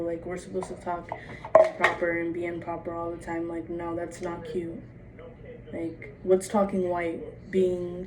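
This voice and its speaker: A young adult woman with a lowish, somewhat dark voice vlogs in a casual, blunt and profane monologue, saying "like" in almost every phrase. She sounds distant from the mic, with faint background noise.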